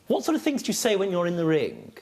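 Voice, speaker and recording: Playful, lively-pitched male TV judge. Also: fast, gravelly, slightly rough. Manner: playful, mocking, laughs often. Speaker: TV courtroom judge. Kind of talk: courtroom TV banter.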